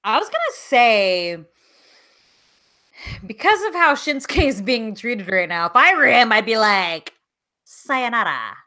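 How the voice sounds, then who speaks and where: A woman co-hosting a podcast with a fairly high, very lively voice that swings widely in pitch. She reacts in an animated way, swears casually and laughs often. Her tone is bright and forceful. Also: a little slow. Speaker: podcast co-host. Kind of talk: casual chat.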